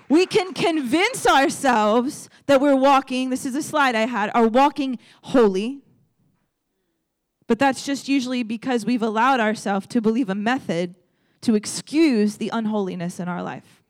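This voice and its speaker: A woman's voice: a little high, unhurried. Conversational woman preacher, storytelling. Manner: conversational, storytelling, direct to audience. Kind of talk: sermon.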